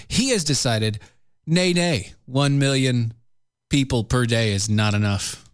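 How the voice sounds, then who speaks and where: A man's voice: mid-range voice, a little slow, smooth. A man co-hosting a casual political podcast, teasing and repeating lines for comic effect. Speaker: podcast co-host.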